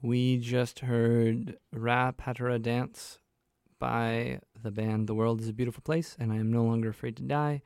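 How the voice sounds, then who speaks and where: A man's voice: medium pitch, flat delivery, unhurried, gravelly, a little mellow, smooth, no echo, clean studio sound. A young man hosting a college radio show, chatting casually in a rambling, self-deprecating way with many fillers. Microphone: studio microphone.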